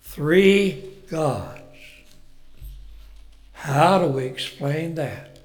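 Very slowly and with plenty of animation, a fairly high-pitched preacher works through a folksy Bible story. Rhetorical questions and chuckles pepper his sermon, and he grows loud on the key phrases.

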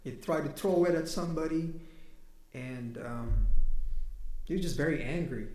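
A man's voice: a little high, normal speed, a little mellow. A man giving a conversational sermon, telling a personal story and quoting people. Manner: conversational, quotes people, laughs between points. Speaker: preacher. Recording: echoey room.

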